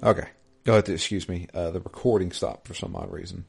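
A man with a slightly low voice chats easily on a podcast, rambling and correcting himself as he goes. He talks like a friend going over the games he's been playing, loose and unhurried. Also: fairly even intonation, gravelly, a little mellow, slightly rough, soft background music. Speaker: podcast co-host. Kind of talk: casual chat about video games.

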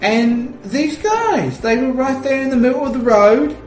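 High shouty little gnome guy, all flustered and indignant, a guy putting it on, echoey room with faint music. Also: animated, a little slow. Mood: flustered shouting. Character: loud excitable little bearded male gnome tinkerer.

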